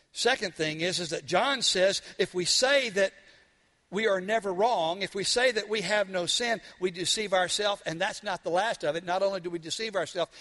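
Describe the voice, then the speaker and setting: A man preaching a sermon, telling stories and asking his listeners questions, swinging from loud emphatic points to hushed ones. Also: sits high, long reverb tail. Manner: asks the congregation questions. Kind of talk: sermon with storytelling.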